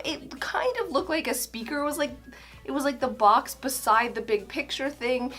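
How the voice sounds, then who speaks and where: A woman's voice: high voice, animated, normal speed, fairly bright tone. Chatty woman in an echoey room. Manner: chatty, laughing, self-deprecating. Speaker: home organizing vlogger. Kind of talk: casual storytelling to camera. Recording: roomy echoey indoor sound.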